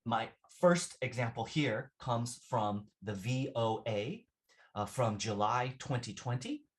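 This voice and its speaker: Speaking slowly in a mid-range voice with lively intonation, a man teaches English vocabulary to a class. He repeats phrases patiently and frequently asks "right?"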